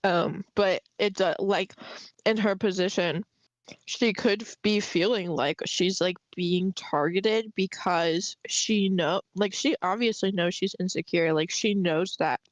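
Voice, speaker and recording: Young woman co-host, casual and rambling, mid pitch, close and dry mic. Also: no echo. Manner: chatty, many fillers, bursts of quick speech. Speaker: podcast co-host. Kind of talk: casual discussion of a web serial.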